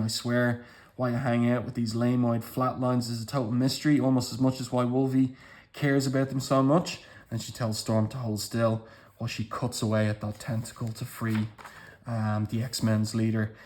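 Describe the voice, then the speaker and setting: A man's voice: mid-range voice, darkish tone. A man giving casual commentary as he walks through comic book pages panel by panel, with appreciative remarks.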